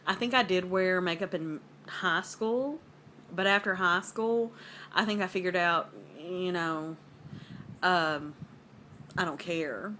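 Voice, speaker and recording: A woman's voice: fairly low pitch, takes it slowly, sharp tone, a little hiss or hum. Rambling Southern woman vlogger. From American South. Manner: rambling, filler-heavy, conversational. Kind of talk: casual rambling chat. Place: at home.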